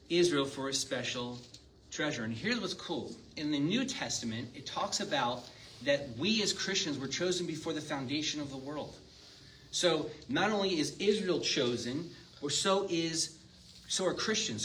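Man, pastor, sermon, reads scripture, asks the congregation questions, mid-pitched voice, distant mic. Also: sharp tone, a little hiss or hum. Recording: distant mic with faint ambience.

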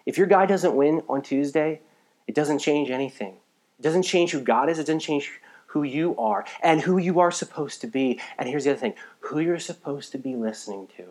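A man from the United States preaching a live sermon in a conversational way, swinging between emphatic bursts and quiet asides, a little tired. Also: fairly high pitch. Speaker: pastor.

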